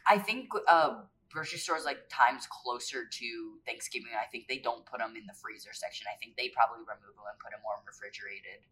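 A woman co-host chats casually on a podcast. Her voice sits remarkably deep for a woman. She rambles through hesitant asides, circling back and correcting herself. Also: fairly quick, hardly any pauses, fairly bright tone, low-quality recording. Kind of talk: casual chat.

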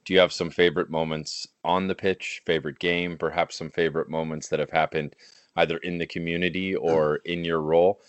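Very deep-voiced male interviewer, dry sound. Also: little pitch movement, fairly quick, no room sound. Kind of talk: interview questions.

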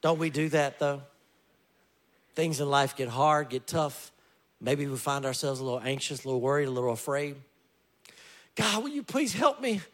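A man preaching a sermon as pastor, telling stories with lively joking asides. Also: mid-range voice, moderate pace.

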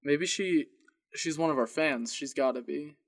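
Young male podcast co-host, animated storyteller who acts out both ends of each call. Slightly high voice, dry close sound. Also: moderate pace, no room sound. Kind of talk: casual storytelling.

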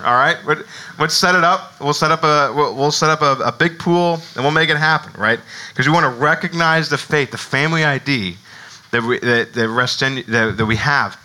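A middle-aged male pastor preaching a sermon in a conversational, animated way, often checking in with "right?". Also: on the high side, poor audio.

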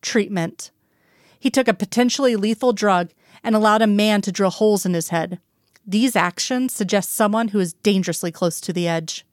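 A woman's voice: mid-range voice, moderate pace, no echo, clean studio sound, natural voice. A woman voicing a stern, protective male FBI boss who scolds in clipped sentences in a storybook reading.

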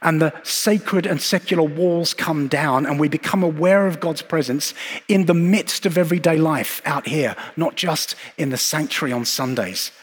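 A man preaching a sermon in an earnest, reflective way, with measured pauses and repeated phrases. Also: fairly high pitch, slightly rough. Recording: long hall reverb.

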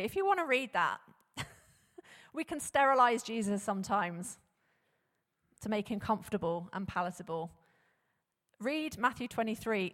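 A woman preaching a sermon, animated and conversational, often posing rhetorical questions to the congregation. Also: mid-range voice. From England. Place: church hall. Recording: long hall reverb.

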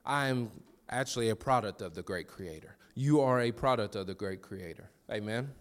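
A pastor with a lowish voice preaches a sermon conversationally, restarting quickly and trading call-and-response with the congregation.

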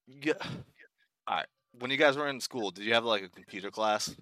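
A man's voice: lowish voice, moderate pace, bright, forceful tone, dry recording. A young man hosting a casual podcast, swearing often and laughing a lot. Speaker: podcast host.

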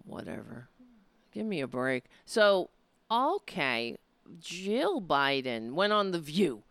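A woman's voice: low voice, sing-song, slow pace, fairly bright tone, no echo. A woman hosting a commentary show, mocking and blunt, with profane asides. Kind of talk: sarcastic political commentary.

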